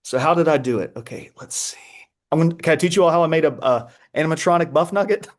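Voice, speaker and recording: A man, presenting a webinar over a video call in an excitable, playful way with frequent restarts. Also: a little high, fast. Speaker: edtech presenter. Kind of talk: energetic webinar talk.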